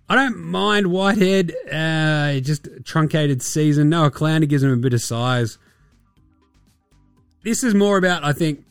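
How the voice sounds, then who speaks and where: A man with an Australian accent hosting a casual basketball podcast, sarcastic and profane, often mimicking players in quick asides. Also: medium pitch, dry recording. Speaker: podcast host.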